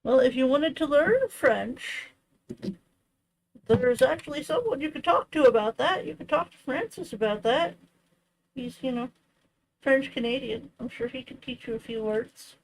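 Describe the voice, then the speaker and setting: Young woman rambling on stream while she crafts, kinda high voice, takes her time. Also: expressive, unhurried, a little hiss or hum, poor audio. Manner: chatty and rambling, many "like"s and "you know"s. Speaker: crafting livestream host. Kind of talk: casual chat while crafting.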